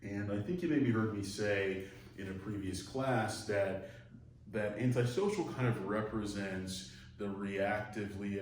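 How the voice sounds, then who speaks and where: A man giving a psychology lecture in a conversational, digressive way, acting out quoted voices as he goes. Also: sits low. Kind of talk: recorded online lecture. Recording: echoey room, mic far off, faint noise.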